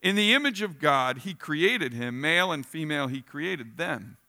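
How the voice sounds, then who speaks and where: High, bright-voiced male preacher. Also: moderate pace. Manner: casual, animated preaching with acted-out asides. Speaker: pastor. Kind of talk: sermon.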